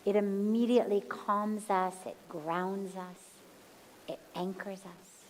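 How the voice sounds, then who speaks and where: Woman spiritual teacher, unhurried and calm, guides breathing, slow delivery. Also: medium pitch, slight background noise, rough recording. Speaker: spiritual teacher answering questions. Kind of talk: slow, gentle satsang talk. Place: satsang hall.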